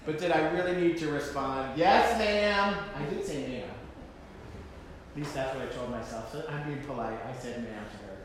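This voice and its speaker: A man's voice: medium pitch, brisk. A man preaching a conversational sermon, telling a self-deprecating personal story with frequent fillers and asides. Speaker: pastor. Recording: echoey hall, faint room noise.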